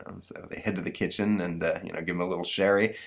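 A man's voice: deep voice, fairly even intonation, fast, gravelly. A man hosting a podcast who retells a cartoon in a chatty, casual way with laughs and fillers. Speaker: podcast host.

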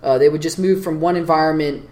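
A man's voice: a little high, steady tone, fast talker, a little mellow. A man co-hosting a podcast, telling stories in a rambling, hesitant way. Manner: rambling, hesitant storytelling with fillers. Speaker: podcast co-host. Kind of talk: casual chat.

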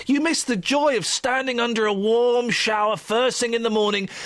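A man's voice: very high-pitched, fairly even intonation, moderate pace, fairly bright tone, dry recording. A man hosting a radio phone-in, teasing and bantering with callers in a playful way. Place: radio studio.

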